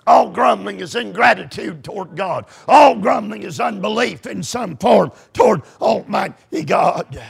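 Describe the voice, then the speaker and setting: Male pastor, fervent folksy sermon, shouts often, husky and gravelly. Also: high-pitched, animated, a little slow, hardly any pauses.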